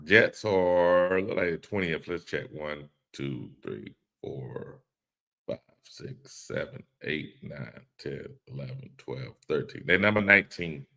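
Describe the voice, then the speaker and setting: A man's voice: rumbling low, slow pace, gravelly, fairly bright tone. A man hosting a casual live-stream podcast, reading chat comments aloud and laughing along in a laid-back way.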